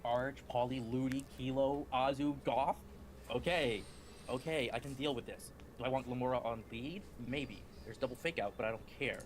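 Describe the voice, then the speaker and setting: A man's voice: medium pitch, normal speed, a little hiss or hum. Man muttering through his game choices. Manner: muttering, weighing options to himself. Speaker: player. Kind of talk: thinking aloud while playing.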